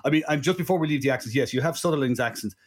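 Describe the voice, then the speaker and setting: A man's voice: fairly high pitch, rapid-fire. An Irish man co-hosting a casual film-review podcast, chatting in a digressive way with frequent "right?" asides. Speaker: podcast co-host.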